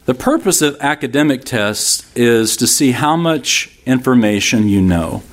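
A man in his fifties preaching a sermon in a relaxed, conversational way, mixing humorous stories with scripture. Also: mid-range voice, measured pace. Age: 50s. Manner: conversational, humorous storytelling with laughs from the congregation. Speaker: pastor.

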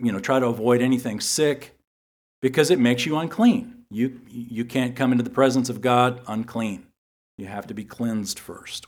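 Male Bible teacher, mid-pitched, earnest sermon delivery, repeats key lines. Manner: earnest, repeats key phrases for emphasis, reads scripture slowly.

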